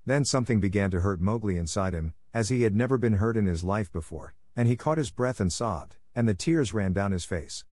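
A man narrating a classic story aloud in a measured, dramatic reading style. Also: fairly low pitch, lively intonation, a little mellow, no room sound, clean studio sound.

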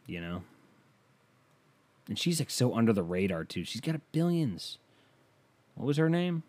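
A man's voice: medium pitch, sing-song, a little slow, a little mellow, no echo. A man hosting a casual solo podcast, ranting and joking with lots of swearing, his voice jumping up when he gets worked up. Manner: profane, riffing, self-amused, voice jumping up when worked up. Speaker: podcast host.

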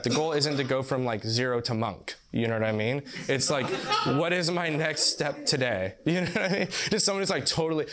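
A man's voice: mid-range voice, fairly bright tone. A young man preaching a sermon in a casual, rambling way, full of "like" and "you know what I mean" asides, often breaking into laughter. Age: young adult. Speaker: pastor.

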